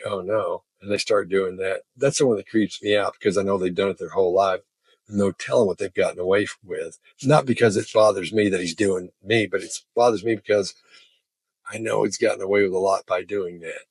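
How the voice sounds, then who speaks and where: A man's voice: sits low, slightly rough, no echo. A man casually telling stories about odd behavior, laughing as he goes. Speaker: body language expert. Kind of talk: casual storytelling.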